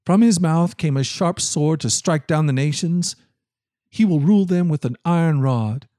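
A man giving a measured, solemn scripted Bible reading. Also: fairly high pitch, mellow, no room sound, clean studio sound. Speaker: scripture reader.

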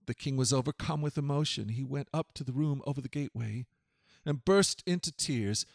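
A man's voice: mid-range voice, a little fast, creaky, dry recording, studio quality. Earnest male scripture reader. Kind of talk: scripted narration.

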